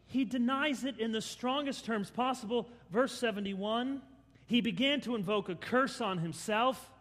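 A male pastor preaching a sermon, dramatically acting out scenes and swinging between loud and hushed. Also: very high-pitched, normal speed, long reverb tail.

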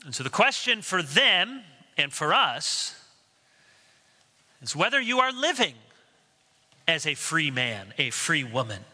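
Bright-voiced male pastor preaching in a reverberant hall. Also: a little high, sing-song, slow pace, long pauses, husky. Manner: earnest preaching, storytelling asides. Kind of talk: sermon.

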